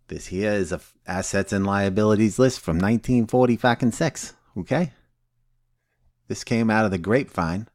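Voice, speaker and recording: Brief: a man playing a blunt, cussing recovery sponsor, very low voice, dry close sound, sardonic teaching. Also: a little mellow, no room sound. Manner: blunt, swears constantly, sardonic. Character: blunt, foul-mouthed woman sober AA sponsor. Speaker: recovery step instructor. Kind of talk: casual profane teaching.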